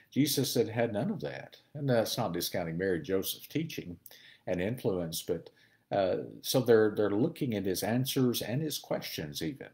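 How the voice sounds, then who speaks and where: Low-voiced man teaching the Bible. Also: darkish tone. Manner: conversational, thinking aloud with fillers. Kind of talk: sermon-style Bible teaching.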